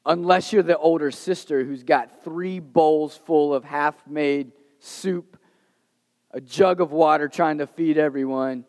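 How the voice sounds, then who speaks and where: A man preaching a sermon in a conversational, animated storytelling way. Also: a little high. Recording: reverberant hall.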